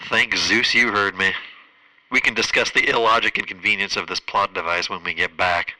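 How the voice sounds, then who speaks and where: A man hosting a comedy radio sketch, deadpan, sarcastic and exasperated. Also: lowish voice, moderate pace, no room sound, rough recording. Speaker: host.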